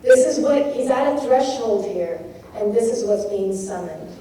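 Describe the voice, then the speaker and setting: A woman's voice: medium pitch, animated, mellow. Woman poet lecturing in an echoey hall. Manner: thoughtful, demonstrative, reads verse slowly and expressively. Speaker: poet giving a craft talk. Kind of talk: lecture on poetic rhythm. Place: lecture hall at a poetry festival. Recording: echoey hall taped from far off with faint hiss.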